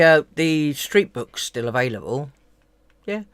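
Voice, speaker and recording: A man's voice: medium pitch, lively intonation, moderate pace, a bit bright, no room sound. A man co-hosting a casual livestream chat, laid-back with mumbled trailing asides. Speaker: co-host.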